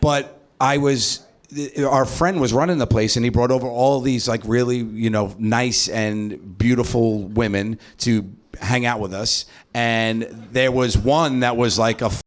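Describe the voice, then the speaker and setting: A man doing improvised stand-up, animated and swearing, often laughing and acting out voices. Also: mid-range voice, a little slow. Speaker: stand-up comedian. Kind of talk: improvised stand-up crowd work. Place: comedy club stage.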